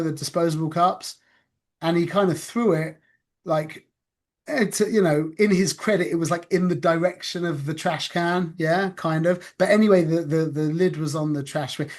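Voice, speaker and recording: Earnest man, somewhat high voice. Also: a little mellow. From North London, England. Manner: earnest, repeats phrases, checks in with "yeah?". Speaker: spiritual teacher. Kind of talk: conversational spiritual talk. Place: his office.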